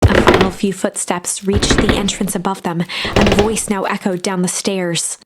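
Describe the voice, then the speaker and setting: A woman's voice: mid-range voice, flat delivery, normal speed, heavy background noise. Female narrator reading game story text, storybook delivery.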